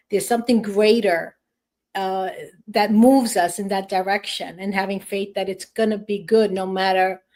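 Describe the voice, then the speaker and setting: A woman's voice: medium pitch, darkish tone. A woman hosting a podcast interview, speaking in an encouraging, affirming way. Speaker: podcast host. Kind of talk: conversational interview.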